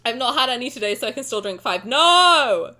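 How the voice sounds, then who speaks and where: Bright, high-pitched giggly young woman streamer. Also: very animated, fairly quick. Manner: giggly, teasing, blunt, swears freely. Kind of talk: casual live-stream reaction chat.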